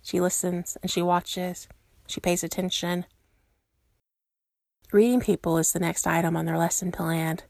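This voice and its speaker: A woman narrating a story aloud in a steady, measured way. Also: fairly low pitch, vocal fry, no echo, clean studio sound. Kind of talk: reading fan fiction aloud.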